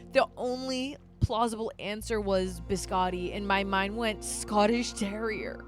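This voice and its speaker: Young woman, casual live-stream chat, rambling and self-deprecating, mid pitch, faint background music. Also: unhurried.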